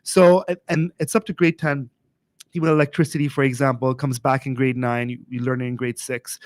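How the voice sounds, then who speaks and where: Male teacher as podcast guest, mid-pitched, dry close sound, chatty with lots of fillers. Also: little pitch movement, brisk, no echo. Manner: chatty, many "you know" fillers. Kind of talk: casual conversational explaining.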